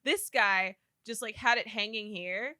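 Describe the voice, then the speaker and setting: A woman's voice: mid-range voice, measured pace, pushed and bright, no echo, studio quality. A woman co-hosting a casual movie podcast, rambling through her complaints about the film. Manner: chatty, rambling with fillers. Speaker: podcast co-host. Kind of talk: casual movie recap chat.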